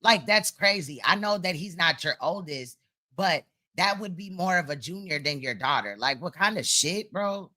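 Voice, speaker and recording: Woman streamer, sharp bright tone, profane and blunt, reacting live to a clip. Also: lowish voice, lively intonation, normal speed. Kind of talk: casual reaction commentary.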